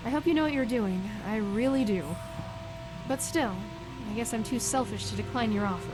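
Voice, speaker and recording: A woman voicing a young woman in a game, talking in an earnest, hesitant way over loud game music. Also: on the high side, brisk, close to an everyday voice, low-quality recording. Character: young woman worried about her estranged mother. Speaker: game character. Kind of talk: voiced game dialogue.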